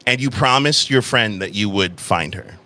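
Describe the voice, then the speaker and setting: A man narrating as game master of a tabletop game, slow and dramatic in description with casual asides. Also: lowish voice, animated, bright, forceful tone.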